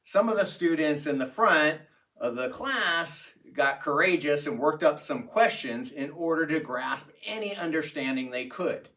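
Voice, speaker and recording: A man narrating a personal anecdote in a reflective, unhurried storytelling manner. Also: on the high side, animated, bright, forceful tone, recorded from a distance. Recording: voice set back from the mic.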